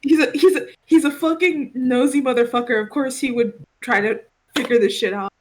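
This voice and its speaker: A woman's voice: high voice, steady tone, brisk. A woman playing in a tabletop role-playing game, chatting casually, laughing often and swearing freely. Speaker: player.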